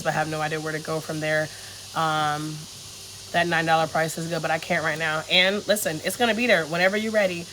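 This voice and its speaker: A woman's voice: fairly low pitch, fairly bright tone, slight background noise, rough recording. A woman, chatting frankly on a phone livestream from a resort, reading comments, swearing and laughing freely. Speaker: travel vlogger on a livestream. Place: resort in Bali, outdoors.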